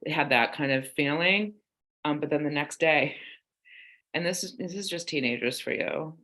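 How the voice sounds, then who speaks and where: A woman's voice: low-pitched, moderate pace, a bit bright. A woman in her forties, a guest author in a casual podcast conversation, telling candid family stories and acting out the quoted lines. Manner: candid storyteller, acts out quoted dialogue.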